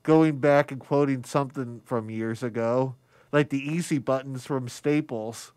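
A man hosting a radio interview, talking in a rambling, halting way with light jokes. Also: medium pitch, fairly even intonation, darkish tone, no echo. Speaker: radio host. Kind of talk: casual interview chat. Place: radio studio.

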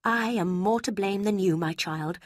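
A woman's voice: mid-range voice, normal speed, dry recording, clean studio sound, lightly acted. A woman voicing a caring, protective middle-aged mother with an emphatic, motherly tone.

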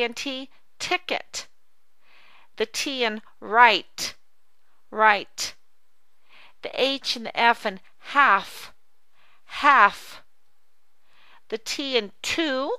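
Slow, clear-spoken woman teaching phonics. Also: on the high side, bright, forceful tone, dry recording. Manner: slow, careful, drawn-out enunciation. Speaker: reading teacher. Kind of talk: online phonics lesson.

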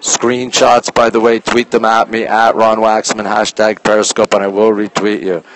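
A man hosting a casual live stream from a phone as he walks through an art museum, reading out artwork titles slowly and greeting viewers by name, sometimes dropping his voice low. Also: monotone, slight background noise. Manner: talks low at times to keep quiet. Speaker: livestream host touring a museum. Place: indoor art museum gallery.

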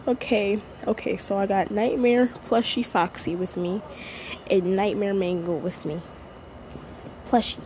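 A woman's voice: medium pitch, steady tone, measured pace, mellow, slight background noise, low-quality recording. A woman vlogging casually at home to her viewers, nervous and rambling, close to tears. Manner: nervous and rambling, with many restarts and sighs.

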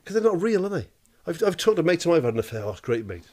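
Middle-aged podcast co-host, blunt and sweary, animated delivery. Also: male voice, high voice, very fast. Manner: blunt, sweary, lots of laughing asides. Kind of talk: casual chat.

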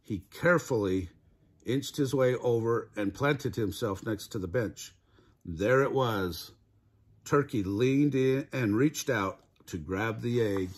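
An older man, a grandfather, reading a children's picture book aloud with gentle asides. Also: mid-range voice, slow pace, breathy edge. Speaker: storybook reader.

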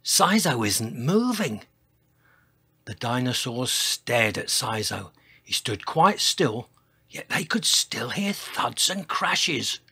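Slow, expressive man reading a story. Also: medium pitch, slightly rough. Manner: slow, expressive read-aloud with dramatic sound words. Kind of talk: reading a children's story aloud.

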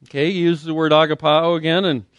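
A man's voice: fairly high pitch, little pitch movement, fast talker, fairly bright tone, clear, resonant tone, no echo. A man preaching a conversational sermon as pastor, using frequent fillers and acting out quotes. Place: church sanctuary.

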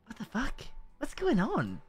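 A man's voice: extremely high pitch, wildly swooping pitch, measured pace, slightly rough. A man streaming a video game live, chatting casually with viewers, rambling and swearing a lot. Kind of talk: casual live-stream chat while gaming.

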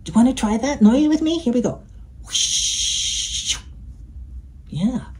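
A woman reading a picture book to children, gentle and playful, inviting the listener to join in. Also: fairly high pitch, lively intonation, quick pace, background noise. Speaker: storyteller.

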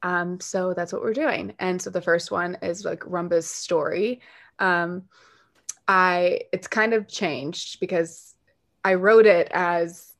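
A woman guest on a podcast, chatting casually and telling lively stories with lots of fillers and quick asides. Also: on the low side. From based in New York City. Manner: animated storytelling, quick asides and filler words. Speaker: podcast guest, dog-mom influencer. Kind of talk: casual chat.

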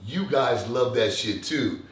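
A man's voice: medium pitch, slow pace, roomy sound, far from the mic. A young man from Texas ranting profanely to viewers, mocking others in put-on voices. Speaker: fitness vlogger. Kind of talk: casual ranting monologue.

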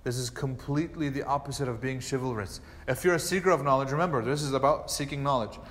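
In a mosque hall with long reverb, a medium-pitched imam talks fast while teaching a lecture class. He animates his stories by acting out short exchanges between characters.

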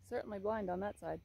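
A woman vlogging outdoors in a rural paddock as she tends her horse, talking casually to the phone camera in a soft, chatty way. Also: medium pitch, gravelly, husky. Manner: chatty, soft-spoken, fond baby talk to the horse. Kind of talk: casual vlog talk to camera. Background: birds and outdoor ambience.

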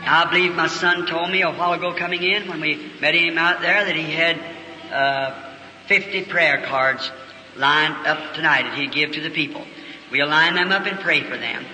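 A man preaching a revival sermon, telling a story in earnest and slowing into fervent prayer. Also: fairly high pitch, sharp tone. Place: church auditorium. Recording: old echoey hall recording with faint hiss.

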